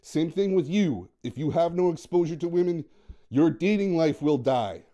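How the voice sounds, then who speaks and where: A man's voice: fairly high pitch, lively intonation, normal speed, mellow, highs cut off. A man giving a motivational talk as a dating coach, emphatic and repetitive, acting out quoted lines. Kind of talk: motivational monologue.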